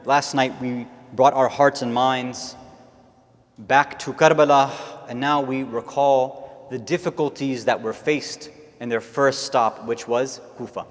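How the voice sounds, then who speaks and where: A man delivering a sermon, moving into an impassioned, mournful retelling. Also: medium pitch. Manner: rising to impassioned, tearful recounting. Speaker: speaker at an Islamic centre. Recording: long hall reverb.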